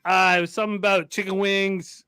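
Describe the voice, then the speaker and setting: A man's voice: high-pitched, little pitch movement, brisk, a loud crowd. A man co-hosting a casual live sports betting stream, joking, swearing and laughing often. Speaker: podcast co-host.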